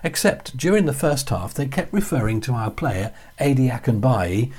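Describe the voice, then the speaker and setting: A man with a Yorkshire accent, chatting through a lively anecdote as a guest. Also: medium pitch, normal speed, slightly rough. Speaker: guest storyteller. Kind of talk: casual anecdote.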